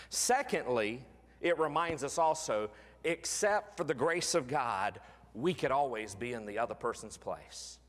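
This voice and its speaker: A middle-aged man preaching a sermon as pastor, building dramatically and then dropping to hushed tones. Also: on the high side. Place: church sanctuary. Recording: long reverb in a large church.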